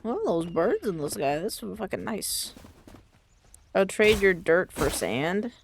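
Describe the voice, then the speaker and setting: A young woman streamer chatting casually while gaming, rambling playfully and thinking out loud. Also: medium pitch, animated, measured pace, vocal fry, a little hiss or hum.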